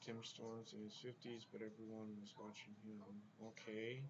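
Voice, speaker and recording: A man's voice: fairly low pitch, completely flat delivery, moderate pace, dull audio, a crowd in the background. A man hosting a casual wrestling talk show, blunt and profane, who stammers as he starts a point. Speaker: podcast host.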